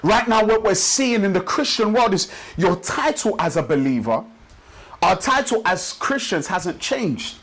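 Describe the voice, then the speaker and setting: A man preaching a sermon in a church service, building rhythm with repeated phrases and slowing down to stress his points. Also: high voice, sing-song, a bit bright, rough recording. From Nigeria. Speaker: pastor.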